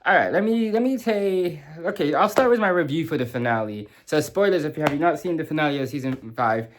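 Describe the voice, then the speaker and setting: A young man talks through a TV finale in a loose, rambling vlog. His voice sits a little high, and he stops, restarts and swears as he goes. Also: expressive. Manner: emotional, halting, swears, many fillers and restarts. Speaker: vlogger reviewing a TV show. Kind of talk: casual rambling reaction review.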